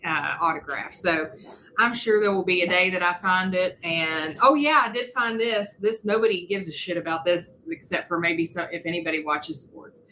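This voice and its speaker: A woman, co-hosting a podcast and telling an animated, funny story in casual chat. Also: medium pitch, a little hiss or hum, poor audio. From West Virginia. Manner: animated, laughing, mimics voices in her stories. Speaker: podcast co-host.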